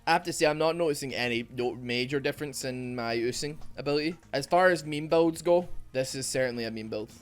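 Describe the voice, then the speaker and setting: A man giving rambling, self-mocking commentary over a video game, with quick asides. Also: mid-range voice, clean tone, soft background music. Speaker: gaming YouTuber. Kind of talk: joking gameplay commentary.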